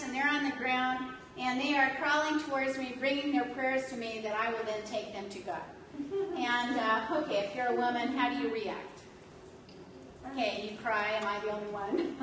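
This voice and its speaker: A woman from California telling lively stories in a lecture, laughing often and poking fun at herself. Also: a little high, a little hiss or hum. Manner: animated, laughs often, self-mocking humor. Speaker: religion instructor. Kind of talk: storytelling lecture. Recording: echoey hall taped from far off.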